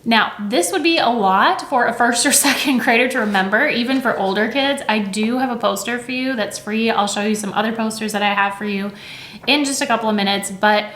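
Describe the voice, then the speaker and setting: A woman's voice: fairly high pitch, fairly quick, fairly bright tone, echoey room. A woman teacher explaining reading rules in a conversational way, often checking in with "right?" and saying sounds aloud to demonstrate. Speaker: teacher and educator.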